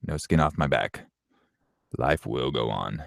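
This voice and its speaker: YouTuber, late 20s man; low gravelly voice, dry close sound, blunt casual Q&A. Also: lively intonation, a little slow, no echo. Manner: blunt and offhand, swears, laughs often. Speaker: YouTuber answering viewer questions. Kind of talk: casual Q&A chat.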